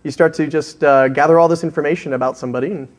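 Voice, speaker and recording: Co-presenter, man, slightly high voice, chatty and tangent-prone storyteller. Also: fairly even intonation, very fast. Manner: rambling, goes off on tangents. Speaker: conference co-presenter. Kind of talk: anecdotal storytelling. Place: conference stage.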